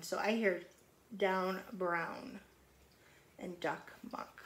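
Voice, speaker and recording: A woman reading a picture book aloud to children, pausing to point out rhymes and the pictures in a slow, explanatory way. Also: lowish voice, fairly even intonation. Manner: slow, explanatory, stretches the read lines.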